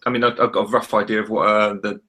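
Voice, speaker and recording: Male podcast co-host, wry and joking, bright tone with a husky edge. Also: on the low side, little pitch movement, fast talker. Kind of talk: casual podcast chat.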